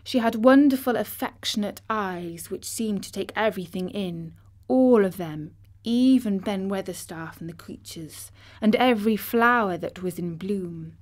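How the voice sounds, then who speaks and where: Slow, gentle woman storyteller. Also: mid-range voice. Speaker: audiobook narrator. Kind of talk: storybook narration.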